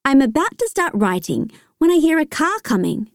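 Lively expressive woman reading aloud. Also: high-pitched, normal speed, few pauses, faint music behind. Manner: expressive storytelling, first-person child narrator. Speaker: audiobook reader. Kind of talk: children's audiobook narration.

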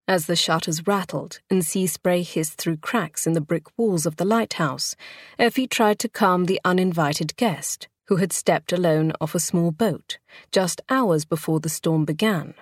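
Casting: female audiobook narrator, lower register, dry close studio sound, measured expressive storytelling. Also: husky, no echo. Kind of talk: scripted narration.

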